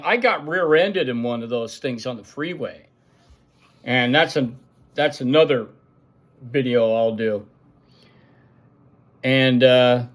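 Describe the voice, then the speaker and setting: A middle-aged man casually telling an old army story, acting out gunfire sounds and shouts. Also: medium pitch. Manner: animated, makes gunfire sound effects and acts out shouts. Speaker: show host telling a story.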